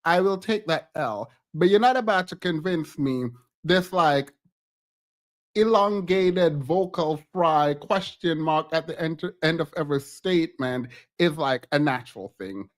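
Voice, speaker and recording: A man with a notably high voice gives loose, chatty reaction commentary on a stream. He is animated, breaks into laughter often, and his pitch leaps sharply when something shocks him. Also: a little slow. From outside the US.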